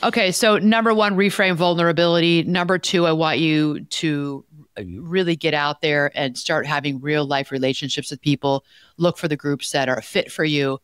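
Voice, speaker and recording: A woman's voice: sits low, steady tone, moderate pace, a bit bright, smooth, no echo, clean studio sound. A woman co-hosting an advice podcast as a life coach, talking in an emphatic, direct way and telling stories with animation.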